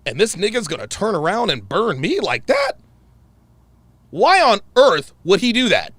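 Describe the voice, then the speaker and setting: A man's voice: moderate pace, no echo. A man hosting a livestream, delivering a heated, profane rant and repeating phrases for emphasis. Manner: angry, profane, repeats himself; animated pitch swings. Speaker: show host.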